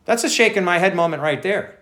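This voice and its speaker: Male pastor, slightly high voice, easygoing conversational sermon delivery. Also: expressive, a little fast, a bit bright. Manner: conversational preaching, addresses listeners as folks.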